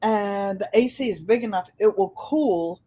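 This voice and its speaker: Warm in tone and medium in pitch, this woman speaks a little slowly as she chats with viewers on a live stream, calling them "you guys." She's in her 70s, hosts the channel, has a Connecticut accent, and records on a computer mic in a home room with a large air conditioner.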